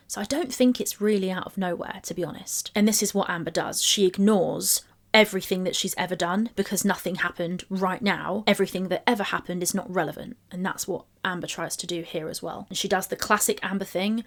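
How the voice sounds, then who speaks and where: A woman's voice: fairly low pitch, fairly quick. A woman giving commentary on text messages, reading them aloud and picking them apart. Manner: reads screenshots aloud and picks them apart. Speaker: commentary YouTuber.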